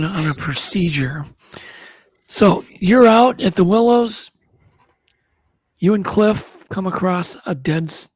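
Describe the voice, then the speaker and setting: Male podcast host, high and breathy, dry close sound, pushes with playful questions. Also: no room sound. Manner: probing, joking questions. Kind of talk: casual interview.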